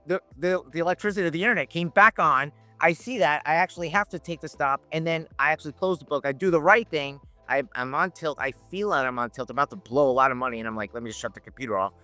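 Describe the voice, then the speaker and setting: Animated bright-voiced man telling stories. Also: mid-range voice, no echo. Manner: animated anecdotes with laughs and quoted voices. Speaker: podcast guest, options educator. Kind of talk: casual storytelling.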